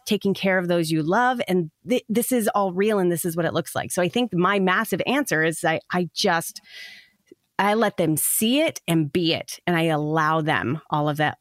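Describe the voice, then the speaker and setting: A woman's voice: on the low side, no room sound, clean studio sound. A woman in her thirties chatting casually as a podcast guest, telling stories with many fillers. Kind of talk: casual chat.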